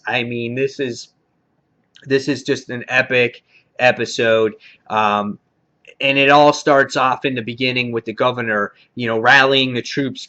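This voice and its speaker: A man reviewing a TV episode in a casual, excitable recap, full of fillers and mild swearing. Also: mid-range voice, highs cut off. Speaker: TV show reviewer.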